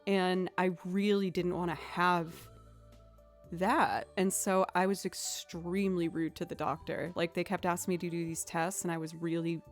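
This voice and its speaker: A woman's voice: on the low side, level tone, moderate pace, faint music behind. Chatty young woman streamer. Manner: chatty, rambling, many "like"s and "um"s. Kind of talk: casual chat with viewers.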